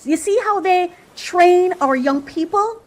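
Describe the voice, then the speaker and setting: A woman's voice: very high-pitched, slow, darkish tone, poor audio. A woman hosting a podcast, giving emphatic, opinionated commentary, repeating phrases for rhythm and dropping affectionate asides. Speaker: podcast host.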